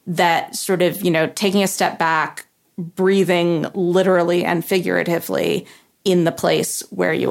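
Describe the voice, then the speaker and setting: A woman co-hosting a podcast, talking reflectively and thinking aloud with fillers. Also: on the low side. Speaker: podcast co-host. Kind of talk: casual chat.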